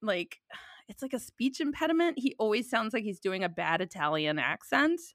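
Woman host, 30s, dry close sound, quick playful storyteller. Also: mid-range voice, lively intonation, a bit bright, no echo. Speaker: podcast host. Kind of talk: casual chat.

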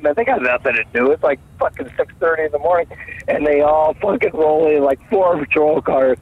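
A man's voice: fairly high pitch, fairly quick, phone-quality sound, slight background noise. A man in casual chat who swears freely and laughs often. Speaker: podcast co-host.

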